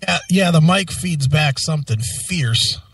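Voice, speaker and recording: A man's voice: fairly high pitch, lively intonation, unhurried, fairly bright tone, husky, recorded from a distance, rough recording. A man co-hosting a casual radio talk show, worn out from lack of sleep and swearing freely as he talks. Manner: blunt and frank, swears freely.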